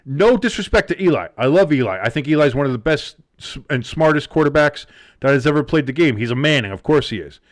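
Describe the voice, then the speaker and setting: A man with a New Jersey accent co-hosting a live sports show, talking in a rambling, excitable way with many restarts. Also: on the high side, quick pace. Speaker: sports podcast co-host. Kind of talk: casual live draft chat.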